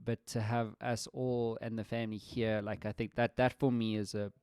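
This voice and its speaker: A man's voice: fairly low pitch, flat delivery, moderate pace, a little mellow, clear, resonant tone, no room sound, clean studio sound. A man hosting a casual podcast chat with friends, talking reflectively with restarts. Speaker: podcast host.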